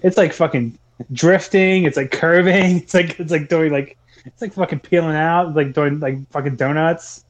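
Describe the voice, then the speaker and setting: A man's voice: fairly high pitch, fairly even intonation, moderate pace. A man co-hosting a casual movie podcast, rambling with lots of swearing and frequent laughter. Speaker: podcast co-host.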